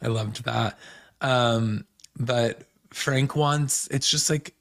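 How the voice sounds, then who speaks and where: A man's voice: medium pitch, extremely slow, gravelly. A man hosting a podcast, chatting casually and gossipily about reality TV, full of fillers like "um" and "you know". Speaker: podcast host. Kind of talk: casual recap chat.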